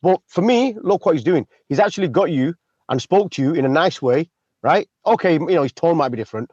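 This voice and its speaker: Guy talking quick, trying to calm things, dull dry line. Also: on the high side, dry recording. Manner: calming, pleading mediator. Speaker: panelist.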